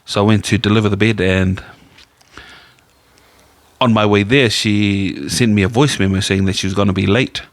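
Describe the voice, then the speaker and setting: A man's voice: on the low side, steady tone, normal speed, pauses often, no echo. Rambling New man telling stories. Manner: rambling anecdotal storyteller, quotes people in his own voice. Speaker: podcast co-host. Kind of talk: casual chat.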